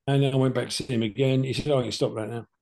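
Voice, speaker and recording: Racing through his words, an older podcast co-host tells the story of his cancer in a steady, mid-range voice with vocal fry and a darkish tone. The telling is casual, chatty and plain-spoken, and he performs both sides of the conversations.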